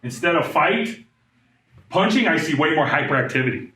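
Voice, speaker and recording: A man in his thirties giving a live trauma training talk, animated and conversational, often asking the room questions. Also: fairly high pitch, normal speed. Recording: echoey room.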